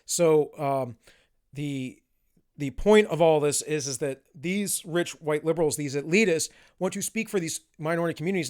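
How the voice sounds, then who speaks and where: A man's voice: fairly high pitch, a little mellow. A man with a Southern US accent giving blunt, opinionated solo commentary. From Southern United States. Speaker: political commentator.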